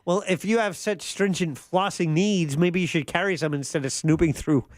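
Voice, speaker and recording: A male radio co-host who makes his points with dry, measured comebacks. His voice is fairly high. The mic sound is close and dry. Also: no room sound. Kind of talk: casual comedic radio banter.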